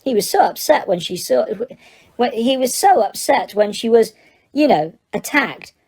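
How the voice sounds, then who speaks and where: A woman's voice: fairly high pitch, animated, darkish tone, breathy edge, heavily acted. A woman doing a shy, anxious young girl. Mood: confiding. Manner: quick, confiding, a little nervous. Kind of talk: audiobook character voice.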